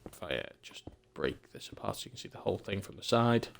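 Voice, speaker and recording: Deep-voiced English man streaming. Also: very animated, quick pace, gravelly, a little hiss or hum. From England. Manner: rambling, thinks aloud, chuckles often. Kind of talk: casual live-stream game commentary.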